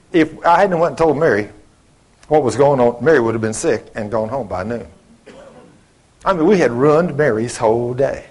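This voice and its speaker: A man's voice: mid-range voice, lively intonation, moderate pace. A middle-aged man preaching a sermon, telling folksy stories and acting out both sides of the conversations.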